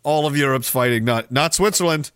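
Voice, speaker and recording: A fairly high-voiced man rants through a livestream, heavy on sarcasm and swearing. He sinks into low mutters, then bursts out loud. The sound is dry and close, with no room echo. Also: moderate pace. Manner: sarcastic, profane, swings between mumbling and loud outbursts. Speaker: livestream host reading chat. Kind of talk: ranting livestream commentary.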